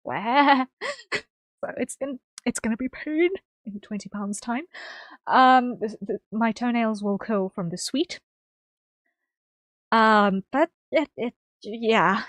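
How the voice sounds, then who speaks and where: A woman's voice: a little high, slow, pauses often, fairly bright tone, dry recording. A woman streamer from the UK, chatting casually to her viewers, rambling with ums and repeated phrases. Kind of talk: casual chat.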